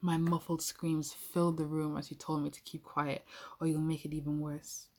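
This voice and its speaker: A woman's voice: deep voice, level tone, normal speed, a little mellow. A young adult woman telling an intimate first-person role-play story, playful and speaking straight to the listener.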